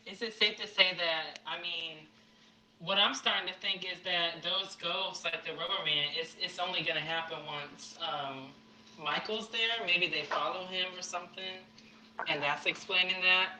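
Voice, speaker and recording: A man taking part as a guest in a casual discussion, speaking haltingly and restarting his sentences. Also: high voice, steady tone, pushed and bright. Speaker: guest panelist. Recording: echoey room with faint noise.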